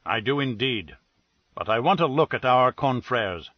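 A man's voice: medium pitch, animated, unhurried, no echo. A man playing a ponderous, pompous detective who weighs every word in long formal sentences. The audiobook sound is dry and a little dull. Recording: dull, dry studio read.

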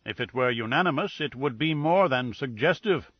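A man voicing an imperious older male detective who speaks in a measured, formal and precise way. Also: medium pitch, expressive, no echo, muffled recording, close to an everyday voice. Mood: formal, deliberate.

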